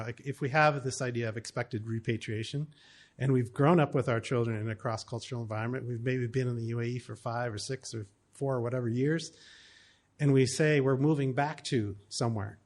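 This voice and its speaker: A man's voice: medium pitch, fairly even intonation, fast. A middle-aged American man giving a talk to an audience, telling stories in a conversational way with plenty of fillers. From United States. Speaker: speaker on cross-cultural family life.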